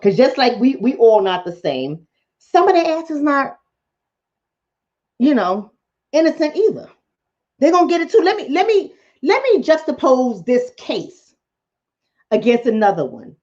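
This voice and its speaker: A woman vlogger delivers a casual commentary monologue straight to her viewers. Her high voice swings widely up and down as she preaches with emphasis. The sound is a little dull and lo-fi. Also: big pitch swings, unhurried, long pauses, darkish tone.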